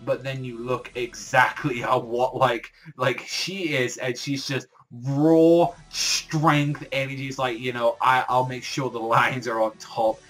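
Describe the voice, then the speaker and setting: A man's voice: mid-range voice, flat delivery, measured pace, few pauses, fairly bright tone, faint music behind. A man reviewing a comic chapter in casual, rambling commentary, full of fillers and swearing. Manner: rambling, heavy filler words, swears often. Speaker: manga reviewer.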